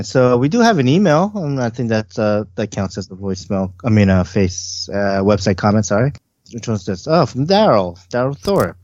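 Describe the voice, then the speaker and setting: Relaxed male co-host on a dull line. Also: lowish voice, dry recording. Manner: relaxed, rambling with fillers. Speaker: podcast co-host. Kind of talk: casual chat.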